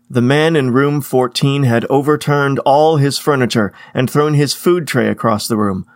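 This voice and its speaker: Brief: male storyteller, measured and wry, mid-range voice, dry close recording. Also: medium pitch, no echo. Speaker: narrator. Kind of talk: first-person story reading.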